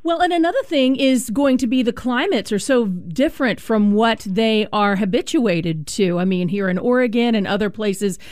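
A woman radio host with a smooth, resonant voice, recorded dry and close in a studio. She questions her guest in an engaged, conversational way. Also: on the high side, normal speed, few pauses, darkish tone, no room sound. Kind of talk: radio interview.

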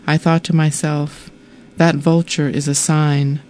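A woman's voice: low-pitched, unhurried, slight background noise. A woman author reading aloud from her own memoir, telling the story wryly and voicing the dialogue. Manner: wry, expressive storytelling with voiced dialogue.

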